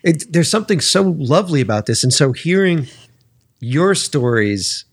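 A man's voice: fairly high pitch, very animated, normal speed, breathy edge, no room sound, clean studio sound. A man hosting a casual conversation, enthusiastic and swearing casually, often calling people "man".

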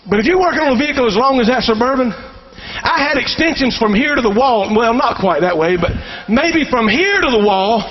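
A middle-aged preacher man with a strikingly high voice delivers a folksy sermon, often calling out for an amen. The sound is a little dull and rings with the long reverb of a big hall. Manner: folksy Southern-style preaching with call-and-response. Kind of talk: sermon to fathers.

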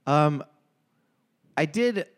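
A man's voice: fairly high pitch, extremely slow. Profane, rambling young man hosting a podcast. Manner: profane, rambling, animated storytelling. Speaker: podcast host. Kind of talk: casual sports chat.

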